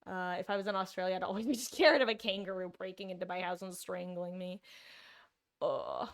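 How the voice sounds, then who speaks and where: A woman's voice: fairly low pitch, animated, fairly quick. Chatty young woman streamer. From New Jersey, US. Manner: chatty, rambling, greets viewers mid-story. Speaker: live streamer. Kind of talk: casual live-stream chat while gaming.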